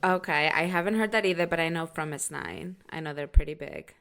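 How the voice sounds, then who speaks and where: A woman in her thirties co-hosting a podcast, chatting casually, laughing often and dropping quick asides. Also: deep voice, creaky, fairly bright tone. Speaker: podcast co-host. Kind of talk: casual chat.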